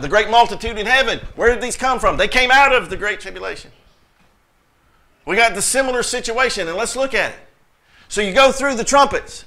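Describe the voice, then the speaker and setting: A man's voice: very high-pitched, pushed and bright. A man preaching a sermon as pastor, reading scripture aloud and talking directly to his congregation with emphatic conviction. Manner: reads scripture aloud in King James wording.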